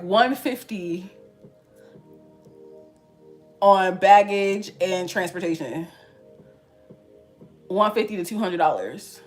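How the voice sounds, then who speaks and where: A young woman in her twenties telling a story to her viewers in casual, slangy chat, laughing often. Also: medium pitch. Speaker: vlogger.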